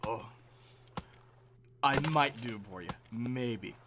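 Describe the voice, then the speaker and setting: A man's voice: medium pitch, slow, background noise. A middle-aged man giving casual gameplay commentary, muttering to himself with lots of fillers and breaking into silly singing now and then. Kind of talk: casual let's-play commentary.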